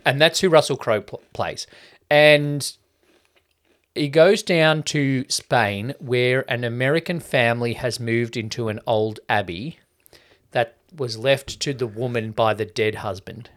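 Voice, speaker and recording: A man in casual podcast chat who rambles through a film's plot and swears easily. His voice sits at a middling pitch for a man. He talks loosely and circles back on himself as he goes. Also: a little slow, fairly bright tone. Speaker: podcast co-host. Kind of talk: casual film-review chat.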